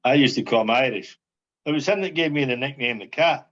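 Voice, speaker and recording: Older man, husky, rambling repetitive chat, muffled lo-fi podcast audio. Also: mid-range voice, fairly quick. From Scotland. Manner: rambling, repeats phrases, many "you know what I mean". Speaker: podcast guest, former footballer. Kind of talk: casual reminiscing chat.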